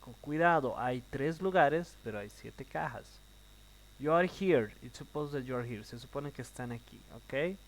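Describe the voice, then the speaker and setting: A man's voice: mid-range voice, rough recording. Man teaching English. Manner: explains slowly, repeats in Spanish. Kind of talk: classroom explanation, switching to Spanish.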